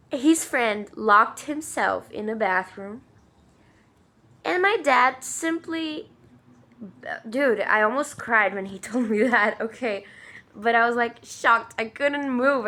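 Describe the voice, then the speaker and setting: Bright-voiced woman rambling casually. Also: fairly high pitch. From Brazil. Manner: rambling, filler-heavy, swears emphatically. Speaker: vlogger. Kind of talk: casual storytelling.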